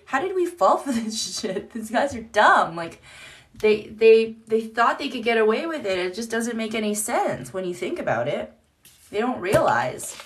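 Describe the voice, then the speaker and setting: A woman in her thirties hosting a casual live-stream chat from home on her phone, chatty, laughing often and swearing freely. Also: fairly high pitch. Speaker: livestream host. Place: home, indoors.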